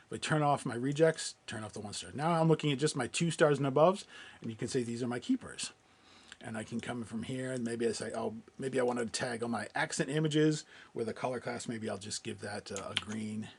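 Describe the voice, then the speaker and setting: In a software webinar, a man with a medium-pitched voice talks through a live screen-share demonstration. He keeps it casual and chatty, often restarting sentences and using plenty of filler words.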